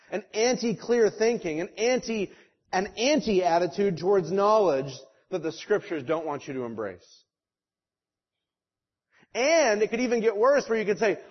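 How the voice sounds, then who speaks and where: A male pastor delivering a sermon with a fairly high voice. He preaches emphatically, with rhetorical questions and mock quotes. The recording sounds dull and lo-fi. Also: very animated, moderate pace, slightly rough.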